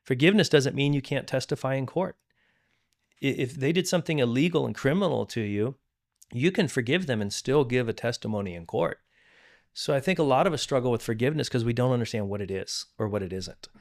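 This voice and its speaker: A middle-aged man, a pastor, tells a personal story as a podcast guest. His voice sits in a plain middle pitch. He speaks earnestly and often restarts his sentences. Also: animated, a little fast. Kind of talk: candid testimony in conversation.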